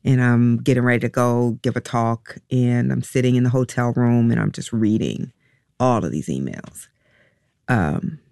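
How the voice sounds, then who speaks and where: A woman with a gravelly, creaky voice tells a painful personal story in an interview. She speaks haltingly and reflectively, pausing and restarting often, and sounds close to tears. The recording is dry and close, with no room sound. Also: low-pitched, dry recording. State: emotional, near tears. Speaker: interview guest, a mother.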